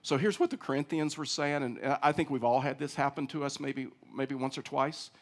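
A man preaching a sermon, swinging from emphatic, loud stretches with acted-out quotes down to low, quiet ones. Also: moderate pace. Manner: rising to emphatic, acting out quoted voices, then dropping low and quiet. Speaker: pastor.

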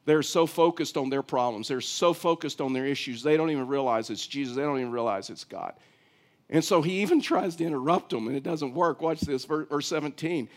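Male pastor, fairly high voice, animated preaching with repetition. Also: brisk. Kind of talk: sermon.

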